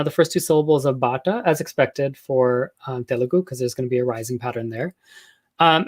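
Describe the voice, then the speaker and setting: Man giving an academic linguistics talk. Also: a little high. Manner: explanatory, with frequent ums and uhs and self-corrections. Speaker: linguistics lecturer.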